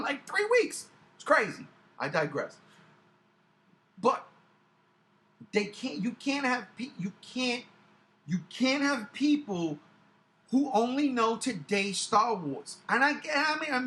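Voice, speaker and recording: A man in his forties rants to camera as host of his own channel, swearing freely and hammering his points home by repeating them. His pitch leaps and dips all over the place, and his tone is bright and forceful. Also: takes it slowly, long pauses. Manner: animated, profane, emphatic, repeats himself for effect. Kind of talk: casual ranting commentary to camera.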